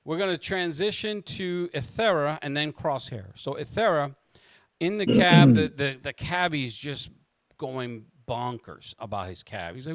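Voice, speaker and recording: A man narrating a tabletop role-playing game as game master, animated and quick to laugh. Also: fairly high pitch, no room sound, clean studio sound.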